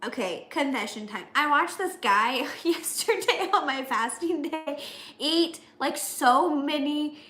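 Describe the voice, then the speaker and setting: A woman from the US Midwest chatting casually, giggly and animated as she tells stories. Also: high-pitched, takes it slowly, reverberant. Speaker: guest, fiancée of the cameraman. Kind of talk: casual chat.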